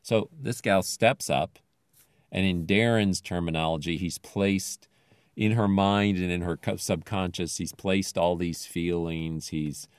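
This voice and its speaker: A man's voice: sits low, a little slow, clear, resonant tone, no room sound, studio quality. A man casually retelling a television episode in a rambling, thoughtful way with many fillers.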